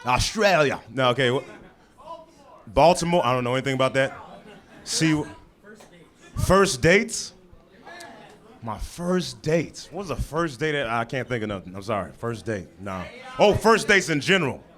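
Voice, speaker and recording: A man's voice: medium pitch, animated, moderate pace, pauses often, a bit bright. A man doing improvised stand-up on a comedy club stage. He tells a rambling, stop-start story and keeps laughing at his own lines. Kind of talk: improvised stand-up from audience suggestions.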